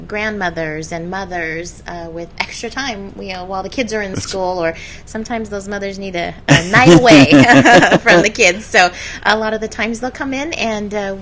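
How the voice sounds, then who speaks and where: A woman who teaches baking and pastry, speaking as a guest on a radio interview, enthusiastic and using many fillers. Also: medium pitch.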